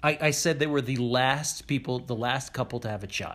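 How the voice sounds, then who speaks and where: A man's voice: medium pitch, brisk, a bit bright. A man co-hosting a podcast, giving his blunt, opinionated take on a reality show with swearing and mocking impressions. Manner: opinionated, swears, mimics people. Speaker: podcast co-host. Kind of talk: casual reality-TV recap chat.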